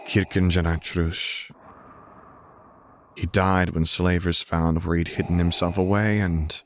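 A man voicing a gentle young man who speaks softly and earnestly. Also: low-pitched, flat delivery, measured pace, slight background noise. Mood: tender. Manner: soft, quiet, earnest.

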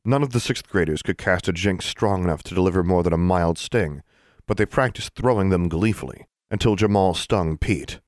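A man narrating a fantasy audiobook in an expressive storytelling manner. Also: low-pitched, moderate pace, no echo, clean studio sound. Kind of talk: scripted narration.

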